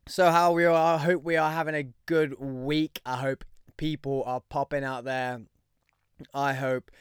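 A man's voice: medium pitch, clean tone, dry recording, studio quality. A young man with a Birmingham accent hosting a podcast, talking in an upbeat, rambling way. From West Midlands, England. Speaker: podcast host. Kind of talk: casual podcast monologue.

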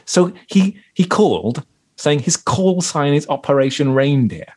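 A man's voice: on the high side, very animated, a little slow, a little mellow, slightly rough. A man with a Welsh accent co-hosting a podcast, telling a story in a rambling, jokey way with many restarts. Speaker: podcast co-host. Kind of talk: casual chat.

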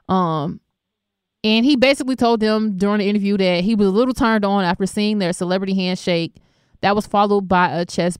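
A woman's voice: medium pitch, clear, resonant tone, no room sound, clean studio sound. Laughing, chatty young woman radio host. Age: young adult. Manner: laughing, chatty, affectionate and conversational. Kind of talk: casual talk radio with callers and news.

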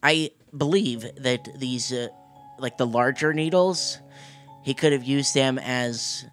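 A man narrating as game master in a tabletop role-playing game, chatty and halting, laughing often. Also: mid-range voice, a bit bright, soft background music.

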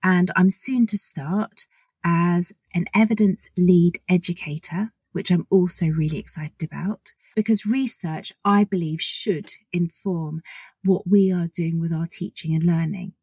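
A woman's voice: lowish voice, steady tone, unhurried, darkish tone, slightly rough, no echo. A woman in her forties hosting a solo podcast introduction, chatty and enthusiastic, acting out little conversations. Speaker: podcast host.

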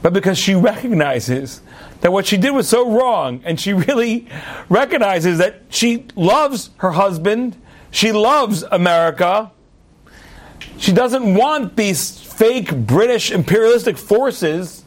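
A man preaching as a rabbi, telling a parable with jokey asides and sudden high emphatic swings. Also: expressive, takes it slowly. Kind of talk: sermon with a told parable.

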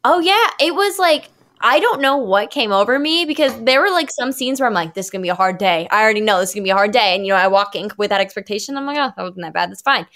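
A young adult woman, an actress guest on a podcast, telling stories in a casual, animated way full of fillers. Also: mid-range voice, fast. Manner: animated, filler-heavy storytelling.

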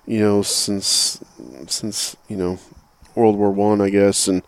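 Smooth-voiced man, halting speech. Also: fairly low pitch, level tone, no echo. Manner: halting, full of fillers and restarts. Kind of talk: casual conversation.

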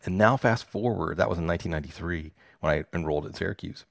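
A man's voice: low voice, fast talker, vocal fry, no room sound, clean studio sound. A man in his forties from Pittsburgh, a fantasy football podcaster telling stories in a casual interview, enthusiastic and self-deprecating.

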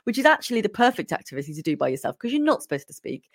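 A woman's voice: medium pitch, racing, no echo, studio quality. A woman hosting a podcast, telling stories in casual chat and laughing often. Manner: storytelling, animated, laughs often. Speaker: podcast host.

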